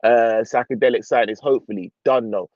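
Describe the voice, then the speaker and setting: A young man hosting a casual live football stream, reading out viewer comments in relaxed slang. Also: medium pitch, brisk, no echo, lo-fi sound. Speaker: football channel host.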